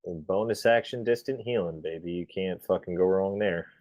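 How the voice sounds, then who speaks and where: A man's voice: low-pitched, normal speed, a little mellow, no echo. A man playing a tabletop game, chatting boisterously, laughing often and swearing freely. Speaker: player. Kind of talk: casual chat during a tabletop game.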